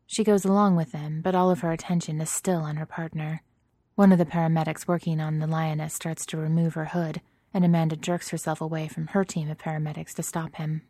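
A woman narrating a story in a steady, even reading voice. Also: low-pitched, no room sound.

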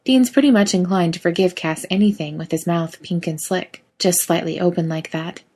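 Brief: woman narrator, low-ish, expressive storybook reading. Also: moderate pace, slightly rough. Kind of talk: reading fiction aloud.

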